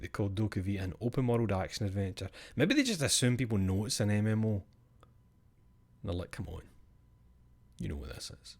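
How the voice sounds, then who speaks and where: A man's voice: lowish voice, slightly rough. A male streamer chatting casually after a live show, rambling, sweary and self-mocking.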